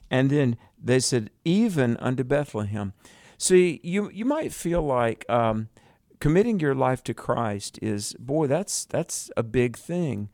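Male radio Bible teacher, mid-pitched, earnest and exhorting, dry close studio sound. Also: animated, a little mellow, dry recording. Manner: earnest, exhorting, slows for emphasis.

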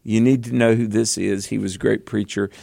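A man with a Southern US accent, co-hosting a Bible teaching program and explaining scripture in an animated, earnest way with emphatic bursts. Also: on the low side, a little fast, creaky, no room sound, clean studio sound. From American South.

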